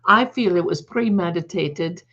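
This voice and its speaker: Slow-talking woman on a dull lo-fi stream. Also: fairly low pitch, a bit bright. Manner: rambling, emphatic, frequent self-corrections. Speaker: live stream host. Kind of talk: casual live-stream commentary.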